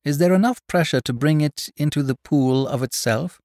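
A man voicing a calm, confident gentleman of about forty who investigates a mystery. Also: fairly high pitch, normal speed, no room sound, clean studio sound, pitched above the performer's own voice, lightly acted. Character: calm, amused gentleman detective around forty.

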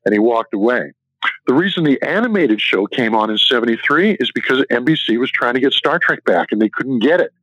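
A man's voice: mid-range voice, expressive, a little fast, fairly bright tone, dry recording. Guy in an interview rambling through detailed stories, muffled lo-fi audio. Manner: detailed anecdotal storytelling. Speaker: author guest. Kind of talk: interview answers. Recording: dull lo-fi dry recording.

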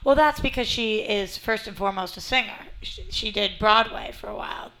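A woman's voice: medium pitch, normal speed, a bit bright, low-quality recording. A young woman co-hosting a casual TV recap chat, chatty and fond of rhetorical questions. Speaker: podcast co-host.

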